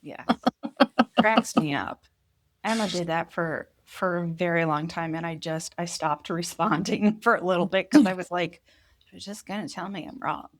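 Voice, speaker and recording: A woman co-hosting a casual podcast chat, telling stories in an animated way and laughing as she talks. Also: fairly low pitch, normal speed. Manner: animated storyteller, laughs while talking. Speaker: podcast co-host.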